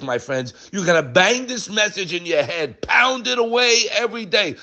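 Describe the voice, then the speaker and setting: A man giving an animated Torah talk, emphatic and full of rhetorical questions, mixing Hebrew terms into English. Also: sits high, moderate pace, hardly any pauses. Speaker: rabbi giving a Torah class.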